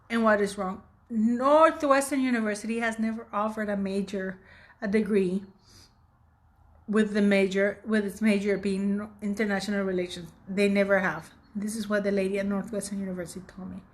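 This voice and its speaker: A woman's voice: medium pitch, moderate pace. A woman in her fifties hosting her own channel, giving blunt, indignant opinion commentary with emphatic delivery. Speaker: channel host.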